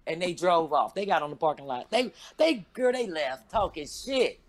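A woman's voice: lively intonation, moderate pace. Brash, profane woman comedian in her fifties. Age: 50s. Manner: loud, profane, acts out quotes with big pitch jumps. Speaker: stand-up comedian. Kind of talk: animated storytelling chat.

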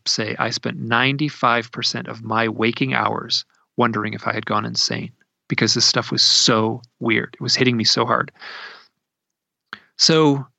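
Gravelly bright-voiced guy from idaho rambling through a story, dry kinda dull recording. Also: medium pitch, no echo. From Idaho, USA. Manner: rambling, with many restarts and fillers. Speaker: guest telling a personal story. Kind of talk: casual storytelling.

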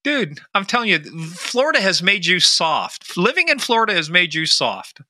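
High, bright-voiced man joking as host. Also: sing-song, moderate pace, dry recording. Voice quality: wisecracking, loose delivery. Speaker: podcast co-host. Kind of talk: joking podcast banter.

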